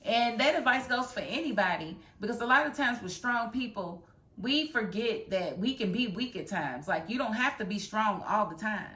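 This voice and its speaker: A woman giving casual, sassy commentary on a reality show, acting out the cast members' lines in animated bursts. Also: fairly high pitch, normal speed. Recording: roomy echo.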